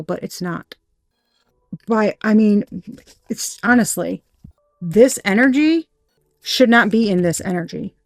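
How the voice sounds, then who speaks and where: A woman's voice: medium pitch, dry recording, studio quality. A woman giving a casual tarot reading, candid and profane, laughing often and acting out little quoted voices. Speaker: tarot reader.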